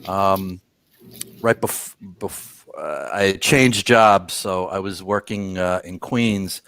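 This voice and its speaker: A middle-aged man co-hosting a casual live chat, recalling events calmly and steadily, heard over a video call. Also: low voice, slow pace, vocal fry, clean tone, no room sound. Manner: calm, steady recollection with frequent brief assents. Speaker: co-host on a watch show.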